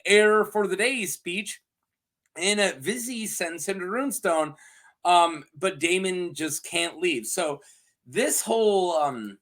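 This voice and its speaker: A man's voice: high voice, fairly bright tone. Giggly man recapping a show. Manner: giggly, acts out characters in quick voices. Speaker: podcast reviewer. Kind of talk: casual scripted recap.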